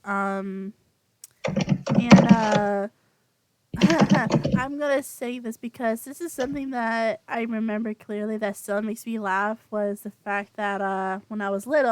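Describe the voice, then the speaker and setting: Higher-voiced woman chatting casually. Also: no room sound. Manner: rambling, laughs often, many fillers. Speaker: podcast co-host. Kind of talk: casual chat.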